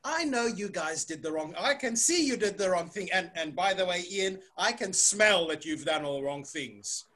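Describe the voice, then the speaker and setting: Calm, forgiving dad who speaks gently to his kids, read by a woman storyteller. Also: on the low side, moderate pace, hardly any pauses. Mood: reassuring. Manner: calm and reassuring.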